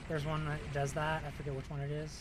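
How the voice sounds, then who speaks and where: A man chatting casually while playing a game together, soft-spoken and often trailing off mid-sentence. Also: on the high side, completely flat delivery, fast. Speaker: streamer, co-player. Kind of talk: casual gaming stream chat. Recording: noisy mic feed.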